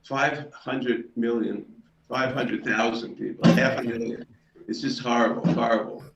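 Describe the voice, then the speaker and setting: An older man, a performer at an online open mic, talking in a casual, unhurried, rambling way over a video call. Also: mid-range voice, steady tone, gravelly, far from the mic, heavy background noise. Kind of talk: casual chat and joke telling. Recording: roomy, dull video-call audio.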